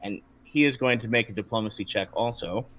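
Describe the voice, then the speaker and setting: A man narrating as game master of a tabletop game livestream, lively with frequent restarts. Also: lowish voice, brisk, noisy background. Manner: lively, laughing, many restarts.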